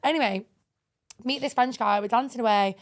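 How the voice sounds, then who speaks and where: A woman co-hosting a podcast, telling dating stories in a lively, swearing, laughing way. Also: fairly high pitch, a little fast. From England. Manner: animated, swearing, laughing storyteller. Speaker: podcast co-host. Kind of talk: casual chat.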